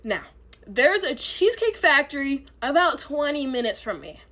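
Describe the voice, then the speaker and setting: A young woman telling a first-date story in an animated, dramatic storytime monologue. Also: sits high, moderate pace. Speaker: storyteller in a clip.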